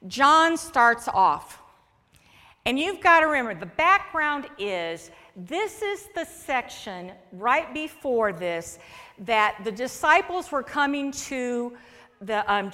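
A woman's voice: a little high, bright, forceful tone. A woman pastor preaching a sermon in a conversational way, acting out quoted lines as she goes. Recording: long echo of a large hall.

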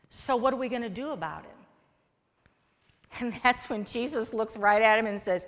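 A woman's voice: on the high side, moderate pace, long pauses. A woman pastor preaching a sermon in a conversational way, acting out quoted lines as she goes. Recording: long echo of a large hall.

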